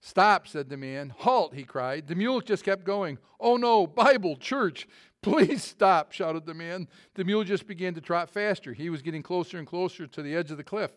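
A fairly high-pitched male voice belongs to a middle-aged preacher giving a sermon. He's folksy and pokes fun at himself, restarting haltingly and telling a joke story to the congregation.

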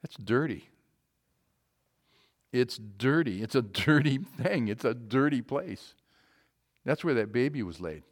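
A man delivering a sermon in an emphatic preaching manner. His voice sits in an ordinary middle pitch. He swings between loud, ringing calls and quiet, low asides. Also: animated, takes it slowly, pauses often.

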